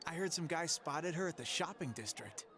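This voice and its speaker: A man's voice: a little high, animated, normal speed, crowd noise. A man voicing a curious, gossipy teenage student in a video game. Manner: gossipy, eager.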